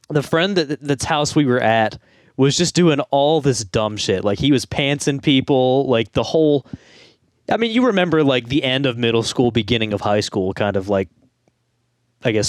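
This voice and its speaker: On a podcast he co-hosts, a young man spins a long, rambling story in casual chat, often laughing as he goes. His pitch is an ordinary middle, and the recording is dry and close with no room sound.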